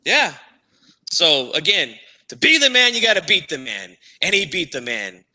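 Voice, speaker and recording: A man hosting a boxing podcast, loud and theatrical, who talks about himself in the third person. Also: on the high side, sing-song, moderate pace, long reverb tail. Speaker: podcast host. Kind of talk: hyped-up boxing talk.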